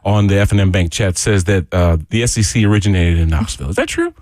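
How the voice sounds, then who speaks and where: A man's voice: low-pitched, quick pace, no echo. A male sports radio co-host who teases his partner and laughs a lot, speaking casually into a studio mic. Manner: teasing, laughing, animated. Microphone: studio microphone.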